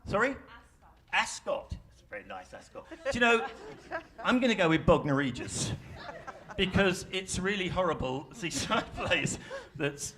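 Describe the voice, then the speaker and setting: A man leading a live workshop for an audience in a ballroom, in a conversational way with self-deprecating humor. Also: on the high side. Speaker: workshop facilitator. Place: large ballroom stage.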